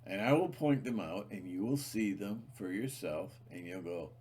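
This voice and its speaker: Low-voiced man rambling emphatically. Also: moderate pace, darkish tone, slightly rough. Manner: emphatic, repetitive, many restarts and fillers. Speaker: channel host. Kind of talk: rambling monologue to viewers.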